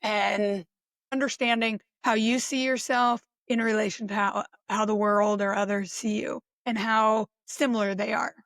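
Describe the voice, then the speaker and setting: A woman's voice: medium pitch, steady tone, normal speed, a bit bright, dry recording. A woman thinking aloud in a loose, unscripted personal reflection, talking conversationally with many restarts and little laughs. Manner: musing, conversational, with frequent restarts and short laughs. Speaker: self-reflection podcaster.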